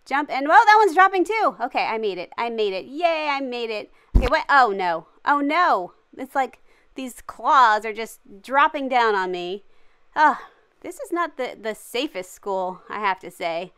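A woman's voice: on the high side, lively intonation, normal speed, pushed and bright, clean tone. A woman hosting a gaming channel, giving cheery, jokey and dramatic running commentary as she plays. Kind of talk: playful game commentary.

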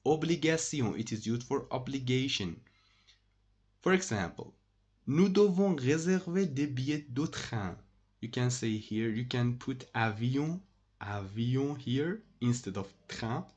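Slow, patient man teaching French. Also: medium pitch, lively intonation, darkish tone, slightly rough. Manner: patient, repeats each example slowly; thinks aloud with pauses and restarts. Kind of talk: online language lesson.

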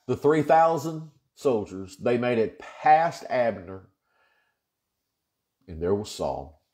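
A man's voice: medium pitch, a little mellow. A man pastor, leading a casual, earnest Bible study chat with folksy asides. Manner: folksy, chatty and earnest, with frequent fillers.

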